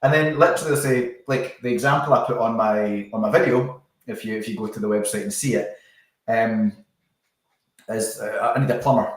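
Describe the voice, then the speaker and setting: A man, a business founder talking casually as a podcast guest, chatty and quick to laugh. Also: on the low side. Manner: chatty, laughs easily, trips over words. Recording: echoey room, far from the mic.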